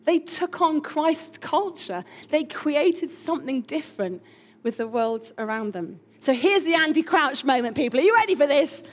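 Lady pastor giving a sermon, high voice, chatty and emphatic, laughs a lot. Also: sing-song, normal speed.

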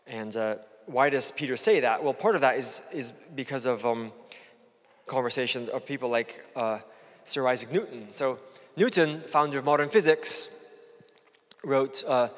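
Male lecturer, middle-aged, earnest and measured, mid pitch, big hall reverb. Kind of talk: public lecture. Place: lecture hall before an audience.

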